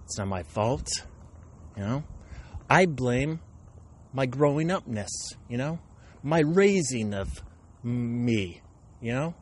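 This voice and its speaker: A man's voice: medium pitch, animated, takes it slowly, pauses often, darkish tone, husky. A man in his thirties, a stand-up comedian hosting his podcast, rambling through a comic monologue in a self-described aggressive tone, often correcting himself. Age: 30s.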